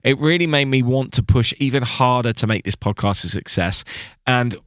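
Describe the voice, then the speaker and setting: A man's voice: mid-range voice, normal speed, a bit bright, smooth, no echo, studio quality. A man co-hosting a podcast in casual chat, restarting his sentences often and laughing easily. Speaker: podcast co-host.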